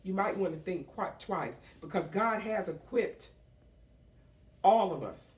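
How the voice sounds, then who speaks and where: A woman's voice: medium pitch, lively intonation, a little slow, a little mellow. A middle-aged woman and small business owner giving an emotional, emphatic public speech, repeating phrases for force. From United States. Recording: roomy echo, speaker far from the mic.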